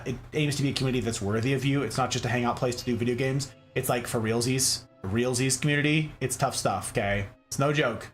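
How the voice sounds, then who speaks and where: A man's voice: medium pitch, a bit bright. A man hosting a casual plant livestream, playful and goofy, slangy, breaking into silly voices. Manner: slangy, lots of "like" fillers. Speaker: streamer hosting a plant stream.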